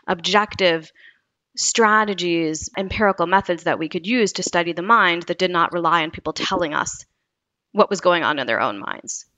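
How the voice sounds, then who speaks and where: A woman, a psychology researcher, explaining experiments in a lively, storytelling way during an interview. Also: lowish voice, moderate pace, dry recording. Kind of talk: interview conversation.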